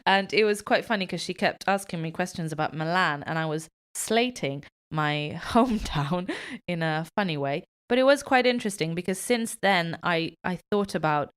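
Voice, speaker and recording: A young woman from Italy, a native Italian speaker, co-hosting a radio show and telling a lively personal anecdote with frequent laughs. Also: on the low side, normal speed, smooth. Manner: animated storytelling, laughing often. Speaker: co-host. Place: radio studio.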